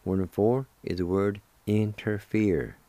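A man from Oklahoma giving a recorded language lesson, slowly spelling out words and repeating each one with encouragement. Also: on the low side, fairly even intonation, dark tone, dry recording. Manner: slow, careful, spells words letter by letter and repeats them. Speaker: language teacher and show host.

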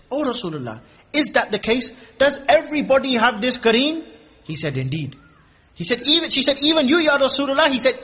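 A man's voice: very high-pitched, sharp tone, husky. A man giving a casual, joking lecture at a mosque, acting out little asides. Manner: humorous, conversational, acts out asides. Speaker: preacher.

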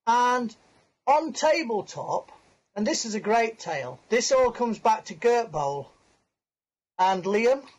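A man's voice: very high-pitched, sing-song, takes it slowly. A man, a podcast guest on a video call, telling a long anecdote in a chatty, self-mocking way and laughing through his story. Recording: muffled lo-fi call audio.

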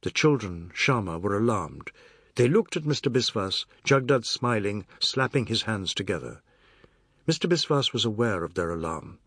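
A man reading a novel aloud as an audiobook narrator, in a measured, expressive way. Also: on the low side, breathy edge, no room sound, studio quality.

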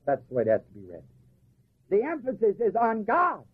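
Male preacher, husky and high, lively rise and fall, asks the room to finish his lines, tinny old recording. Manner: asks the congregation to fill in words, slows to stress key phrases. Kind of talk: sermon.

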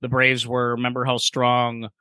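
A man co-hosting a sports podcast, talking in an excitable, casual way, swearing freely and repeating his points. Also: mid-range voice, normal speed, smooth, no room sound. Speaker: podcast co-host.

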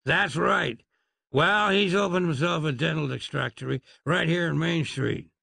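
A man's voice: on the high side, unhurried, creaky, pushed and bright, husky, no room sound, clean studio sound, pitched above the performer's own voice, full character voice. A man doing a blustering lawman. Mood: indignant. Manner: rambling folksy bluster. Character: blustering Wild West lawman, folksy and long-winded.

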